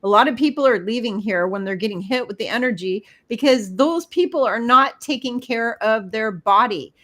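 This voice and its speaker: A middle-aged woman with a fairly high voice gives spiritual advice. She talks straight to the listener in an emphatic, preachy way. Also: fairly bright tone. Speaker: spiritual guest. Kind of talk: casual spiritual advice talk.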